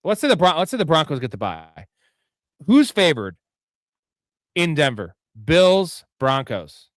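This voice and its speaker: A man's voice: fairly high pitch, big pitch swings, normal speed, a bit bright, no room sound, studio quality. A man hosting a live fantasy football show, talking in a casual, rambling, profane way.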